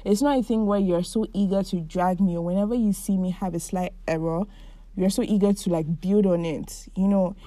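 A twenty-something podcast host talks through her feelings by herself, warm and chatty with frequent "likes." Her mid-range voice has fairly even intonation at normal speed, in a dry recording.

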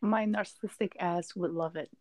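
A woman's voice: lowish voice, steady tone, moderate pace, a little mellow, a little hiss or hum. Teasing young woman host. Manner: teasing, laughing. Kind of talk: casual chat.

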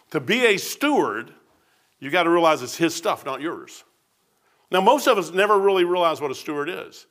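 High, bright preacher man. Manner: preachy, blunt, quoting people in put-on voices. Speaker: pastor. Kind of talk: sermon.

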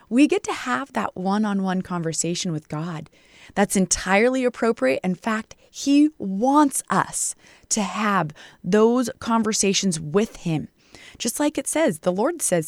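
A woman hosting a devotional podcast, teaching from scripture in an earnest, emphatic way and reading verses slowly. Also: medium pitch, lively intonation, darkish tone, no room sound, studio quality. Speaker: podcast host and Bible teacher.

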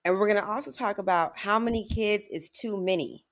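A woman's voice: mid-range voice, a little fast. A middle-aged woman hosting a podcast, chatting casually with many "like"s and "you know"s and laughing often. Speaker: podcast host. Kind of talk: casual chat.

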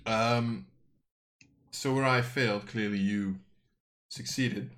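A man voicing a gruff weary warrior. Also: medium pitch, steady tone, slow. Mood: somber. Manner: shouting, harsh. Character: gruff weary male fighter, furious at a fallen man.

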